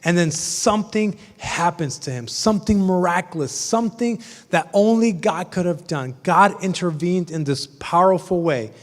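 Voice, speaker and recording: A man's voice: high-pitched, normal speed. A man preaching a sermon as pastor, telling the story conversationally with humorous asides. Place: church sanctuary. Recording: long church reverb.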